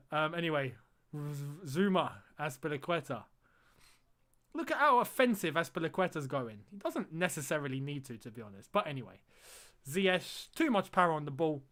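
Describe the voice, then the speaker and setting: Excitable high-voiced football streamer. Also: male voice. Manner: excitable, chatty, quick to laugh and cry out at the action. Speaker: streamer hosting a football watch-along. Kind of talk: live casual match commentary and chat.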